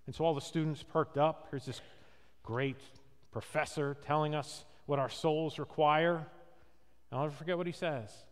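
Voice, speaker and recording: A man's voice: on the high side, fairly even intonation, moderate pace, clear, resonant tone. A male pastor preaching a sermon, telling stories with acted quotes and asking rhetorical questions. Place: church sanctuary. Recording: long reverb of a church hall.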